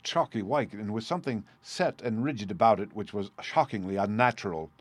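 A man reading a first-person story aloud at a measured, steady pace. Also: on the low side, dry recording. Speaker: audiobook reader.

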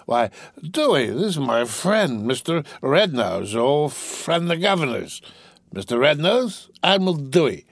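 A man voicing a spoiled, drunken rich young man who talks loudly in careless slang, his voice raised well above the reader's own. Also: a little high, sing-song, measured pace, gravelly, no room sound, clean studio sound, voice pushed up, full character voice. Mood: jovial. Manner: loud, careless, exclamatory, slurring slang.

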